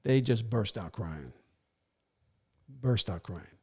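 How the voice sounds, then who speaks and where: A man's voice: fairly low pitch, takes it slowly. An older man, a retired police warrant officer telling a story in a casual interview and acting out the voices of the people in it. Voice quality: gravelly. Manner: animated, acts out quoted voices.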